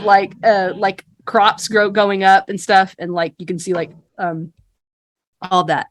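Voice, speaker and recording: A woman's voice: medium pitch, steady tone, normal speed. Rambling woman game master. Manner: rambling, casual, many fillers. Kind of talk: narrating a tabletop game.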